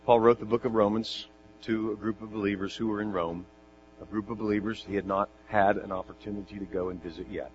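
A man preaching a sermon, reading scripture with animated, jokey asides and rhetorical questions. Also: on the low side, a little fast. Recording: dull lo-fi sound with mains hum.

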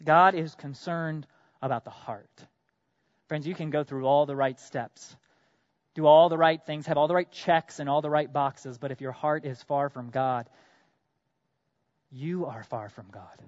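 A man preaching a sermon as pastor, earnest, asking his congregation direct questions, swinging from loud emphatic bursts to quiet drops. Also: fairly high pitch, fairly even intonation, normal speed, no echo, highs cut off.

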